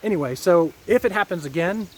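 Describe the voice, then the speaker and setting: A man's voice: high-pitched, lively intonation, brisk, slight background noise. A man from Ohio talking casually to his viewers in a rambling, folksy monologue with preachy asides. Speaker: vlogger.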